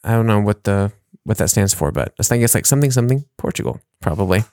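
A man's voice: lowish voice, lively intonation, quick pace, a little mellow, no echo. A man co-hosting a podcast in casual chat, rambling and laughing at his own jokes. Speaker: podcast co-host.

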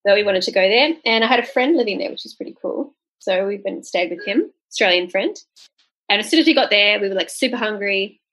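A young adult woman telling a long story in casual chat, animated and acting out the people she quotes. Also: fast, low-quality recording. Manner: animated, acts out quoted people with pitch jumps. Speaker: podcast co-host telling a story.

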